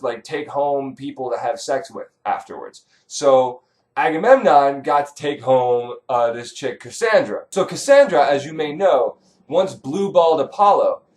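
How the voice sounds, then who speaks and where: Male comic narrator; animated, irreverent, rambling delivery. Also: on the high side, normal speed. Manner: profane, sarcastic, rambling. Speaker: comedic myth narrator.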